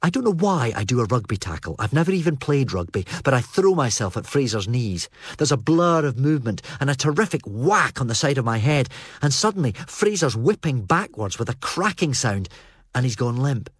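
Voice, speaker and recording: Steady male audiobook narrator. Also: mid-range voice, brisk, slightly rough, dry recording. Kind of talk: first-person audiobook narration.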